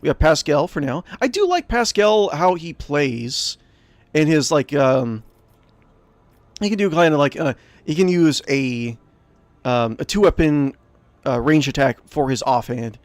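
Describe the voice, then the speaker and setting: Brief: male let's play host, lively up-and-down voice, rambling, dry close sound. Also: a little high, unhurried, no room sound. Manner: rambling, animated, lots of fillers. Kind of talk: game commentary.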